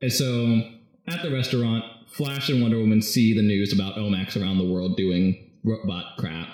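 A man in casual chat, animatedly retelling a comic story and slipping into quick quoted voices. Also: fairly low pitch, fairly even intonation, darkish tone. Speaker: podcast co-host recapping a comic. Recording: echoey room.

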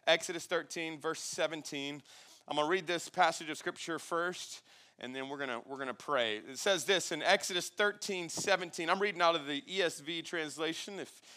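A man preaching a sermon as pastor, calling for congregation response and swelling loud on key lines, with playful asides. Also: a little high, moderate pace. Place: church sanctuary with congregation.

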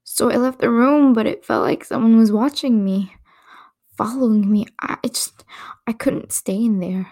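A woman's voice: on the high side, unhurried, gravelly, darkish tone, husky, full character voice. A woman playing a frightened tearful young woman. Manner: shaky, breathless, half-whispered.

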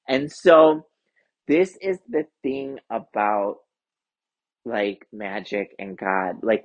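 A woman's voice: very deep voice, slightly rough, muffled recording. An American woman hosting a spiritual podcast, telling a personal story in a chatty way with lots of "like" fillers. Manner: chatty, many "like" fillers, animated retelling. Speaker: podcast host and intuitive card reader. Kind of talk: casual storytelling monologue.

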